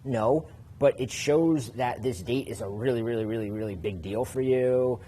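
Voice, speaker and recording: A man's voice: mid-range voice, moderate pace, warm tone, slightly rough. A man who works as a dating coach, explaining casually on a podcast with many fillers and restarts.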